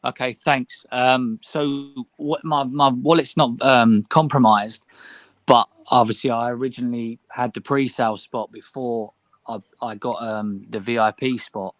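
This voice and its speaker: A man's voice: mid-range voice, steady tone, a little slow, a bit bright, no echo, poor audio. A man in the audience asking a question in a casual, hesitant way.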